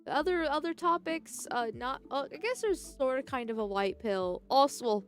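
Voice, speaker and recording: A woman's voice: high-pitched, normal speed, few pauses, smooth. A young woman chatting on a live stream, rambling with frequent restarts and laughs, and reading chat messages aloud. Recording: faint background music.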